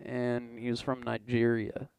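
Smooth-voiced young man, loose podcast chat. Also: medium pitch, monotone, a little slow, darkish tone, dry recording. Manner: loose, profane, filler-heavy. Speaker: podcast co-host. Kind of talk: casual chat.

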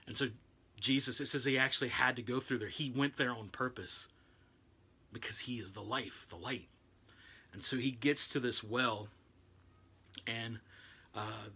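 A man's voice: medium pitch, pushed and bright, breathy edge. A man giving a casual, conversational sermon, retelling a Bible story with loose restarts. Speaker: preacher.

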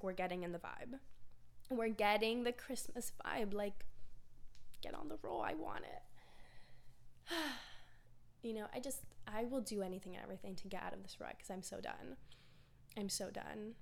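A young woman hosting a personal podcast, talking candidly in a rambling, filler-heavy way about her feelings. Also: on the high side. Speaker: podcast host. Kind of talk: casual personal monologue.

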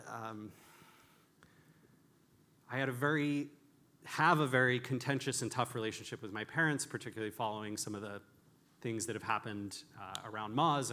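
A man's voice: medium pitch, bright, forceful tone. A man giving a candid, storytelling conference talk with frequent restarts and self-deprecating humor. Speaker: conference speaker.

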